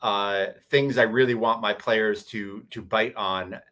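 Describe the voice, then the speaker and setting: A man's voice: lowish voice, steady tone, a little slow, pushed and bright. A man on a convention panel, animatedly telling a tabletop game story with many restarts. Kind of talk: casual panel chat.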